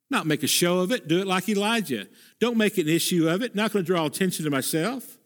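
A man with a notably high speaking voice delivers a sermon as a pastor. He preaches earnestly and emphatically, leaning on repeated phrases. His voice climbs when he cries out a prayer and sinks low for the quiet points. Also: lively intonation, brisk.

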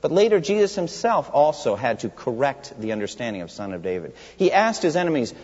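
A man's voice: medium pitch, very animated, fairly quick, a little mellow. A man preaching an expository sermon in a church sanctuary, emphatic and putting rhetorical questions to the congregation. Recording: long hall reverb, dull lo-fi sound.

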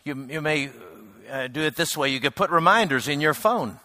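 A man preaching a reflective sermon, unhurried, with frequent hesitant restarts. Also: a little high, lively intonation, bright, forceful tone, no room sound, clean studio sound.

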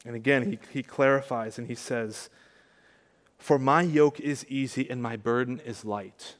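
A man preaching a sermon, earnest and conversational, rising to emphatic peaks and dropping soft. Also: mid-range voice, measured pace, long reverb tail. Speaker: pastor.

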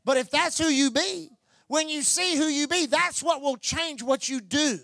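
High-voiced preacher, dry close sound. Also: male voice, normal speed, gravelly, dry recording. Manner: preaching with rising, shouted repetition. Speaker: pastor. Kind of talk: sermon.

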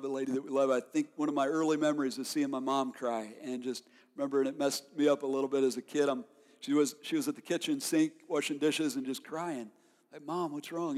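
A man preaching a sermon as pastor, emphatic, swinging from loud declarations to quiet reflection and asking his listeners questions. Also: mid-range voice. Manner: asks the listeners rhetorical questions. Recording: long reverb of a large hall.

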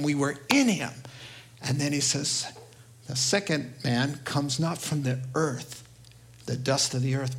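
Man, New York accent, preacher, sermon, fairly high voice, animated delivery. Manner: animated, acts out quoted voices, swings between loud and hushed. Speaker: pastor.

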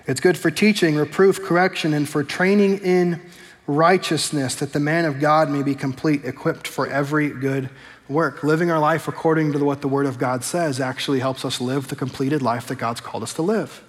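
A man preaching to his congregation in a casual, conversational way, leaning on the scripture lines and drawing them out slowly. His voice sits a little high for a man. A long reverb from the church sanctuary trails after every phrase. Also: steady tone. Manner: conversational preaching, slows and stresses scripture quotes. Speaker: pastor. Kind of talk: sermon.

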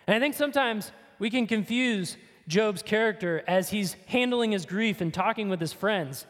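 A man delivers a sermon with earnest, emphatic conviction, pressing his point through rhetorical questions. His voice sits high for a man. A long reverb trails each phrase, as in a large hall. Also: lively intonation, moderate pace, fairly bright tone. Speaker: preacher.

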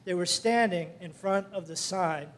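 An older man tells his story at a church gathering. His voice sits notably high, and he wanders through it with fillers, restarts and small laughs. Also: normal speed, a little hiss or hum. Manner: rambling, folksy, with frequent fillers and laughs. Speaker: church member sharing a testimony. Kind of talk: casual storytelling testimony.

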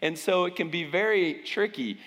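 A man's voice: high-pitched, moderate pace, fairly bright tone, long reverb tail. A man preaching as a pastor, talking conversationally and often restarting his sentences. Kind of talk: sermon.

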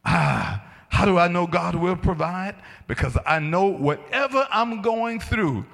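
A middle-aged man, a pastor, preaching a sermon emphatically, his voice rising to shouts on key points. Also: high voice, lively intonation, measured pace, creaky. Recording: long hall reverb.

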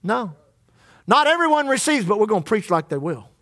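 High-voiced preaching pastor, man. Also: sing-song, fast talker, a bit bright. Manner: preaching with call-and-response to the congregation. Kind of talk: sermon. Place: church.

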